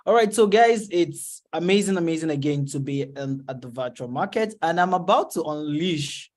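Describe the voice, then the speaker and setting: A man's voice: on the high side, lively intonation, moderate pace, darkish tone. Chatty man emceeing an event. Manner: chatty, filler-heavy. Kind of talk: hosting an online event.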